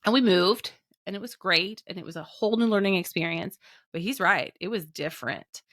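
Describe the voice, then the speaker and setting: A woman's voice: medium pitch, a little fast, a bit bright, dry recording, clean studio sound. A woman in her thirties from the American Midwest telling stories in a chatty conversational way, full of fillers and acted-out quotes. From Indiana, American Midwest. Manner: chatty, lots of "like" fillers, acts out quoted voices. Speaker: business owner and guest. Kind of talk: conversational storytelling.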